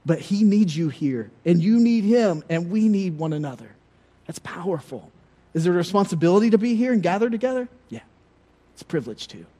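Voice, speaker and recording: Male pastor, middle-aged, storytelling sermon, slightly high and mellow. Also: sing-song, fairly quick. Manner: conversational, storytelling preacher with humor.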